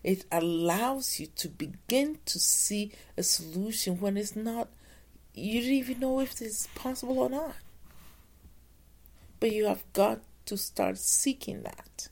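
A woman giving an earnest motivational talk, slowing down to stress her points. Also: medium pitch, vocal fry, a little mellow.

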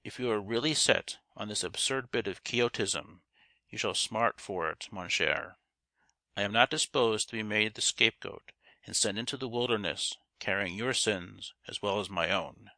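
A man's voice: on the low side, moderate pace, pushed and bright, no room sound. A man voicing a seductive, scheming woman who mocks and then pleads passionately, in a storybook reading. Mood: mocking. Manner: mocking then impassioned pleading.

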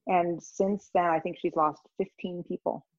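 A woman guest in an interview, telling stories in a rambling, animated way. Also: lowish voice, moderate pace, dry recording, muffled recording. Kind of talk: conversational storytelling.

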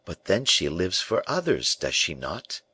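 A man's voice: deep voice, huge pitch swings, a little slow, sharp tone, husky, no echo, exaggerated voice. A man reading the part of a proud, earnest young male prisoner who presses with searching, defiant questions.

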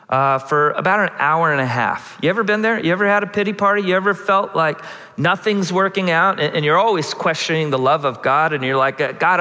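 A man's voice: on the high side, pushed and bright. A man in his thirties, a pastor preaching a sermon in a church, telling a personal story and then rising into impassioned preaching. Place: large church sanctuary. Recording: long hall reverb.

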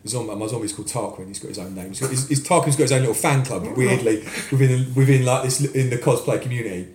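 A man's voice: mid-range voice, fast talker, a crowd in the background. Chatty British man in his forties. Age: 40s. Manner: animated storyteller, restarts often. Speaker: podcast guest, cosplayer. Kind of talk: casual chat. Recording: roomy echo.

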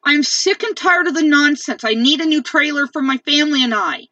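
A woman rants in a long angry monologue, repeating herself and swearing for emphasis. Her voice is high and bright with a tense edge. It is recorded dry, from a distance, with a dull lo-fi sound. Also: lively intonation, brisk, dry recording. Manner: angry, repetitive ranting; profane, emphatic. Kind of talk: venting monologue.

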